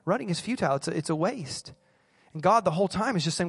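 A male pastor delivers a church sermon with a slightly high voice. He pleads earnestly and repeats key phrases for emphasis, speaking straight to the people in front of him. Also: expressive, fast talker, breathy edge, in a large hall. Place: church service.

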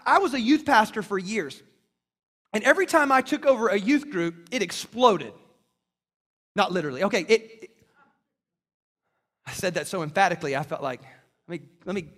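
A male pastor preaching a sermon, swinging between loud emphasis and hushed low lines, often repeating words as he goes. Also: big-room sound. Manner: stumbles and repeats words in bursts.

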